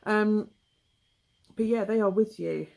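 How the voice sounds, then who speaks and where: Speaking slowly in a gravelly, darkish medium-pitched voice, a young West Country woman from England does a relaxed, meandering tarot reading peppered with asides and ums.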